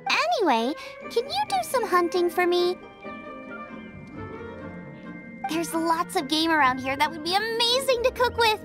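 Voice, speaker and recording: A woman's voice: very high voice, over music. A woman playing a cheerful, food-obsessed young female chef in a video game, bubbly and eager. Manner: bubbly, enthusiastic, rapid excited outbursts.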